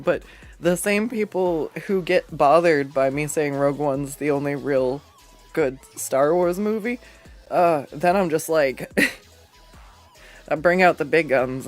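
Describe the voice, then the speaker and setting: Rambling, laughing art streamer. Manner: rambling, laughs often, swears casually; pitch jumps up sharply when acting out quotes. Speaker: artist streaming a drawing session. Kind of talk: casual chat while drawing on a livestream.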